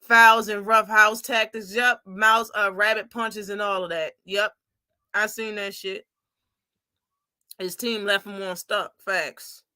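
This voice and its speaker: Bright animated woman livestreamer. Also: medium pitch, slow pace, no room sound, clean studio sound. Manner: animated, profane, mocking impressions. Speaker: boxing live-stream host. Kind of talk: casual post-fight livestream chat.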